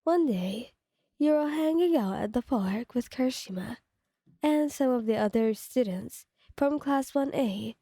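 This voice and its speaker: A woman's voice: a little high, expressive, unhurried, dark tone, husky, dry recording, studio quality. Woman reading a second-person story.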